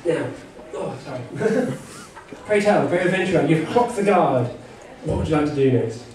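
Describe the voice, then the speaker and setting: His voice is a little high and slightly mellow, expressive but at normal speed. He's the game master of a live text-adventure session before a convention audience, joking, rambling, laughing a lot and saying "you know" constantly. The hall echoes, the mic is far off, and the crowd is audible.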